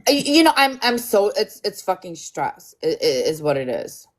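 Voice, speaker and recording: A woman's voice: lowish voice, big pitch swings, moderate pace. A woman hosting a casual livestream, blunt and sweary, scolding her chat and joking around. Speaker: livestream host.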